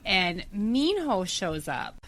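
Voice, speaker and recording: A woman co-hosting a podcast in casual chat, animated and laughing often. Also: medium pitch, takes it slowly, background noise. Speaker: podcast co-host.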